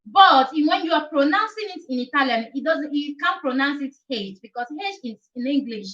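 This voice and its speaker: A young woman with a high, bright voice talks viewers through a lesson on a live stream. She repeats each point several times and keeps checking in with "okay?". The sound is a little dull and lo-fi, as from a webcam mic. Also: expressive, normal speed. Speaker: language teacher hosting a live chat.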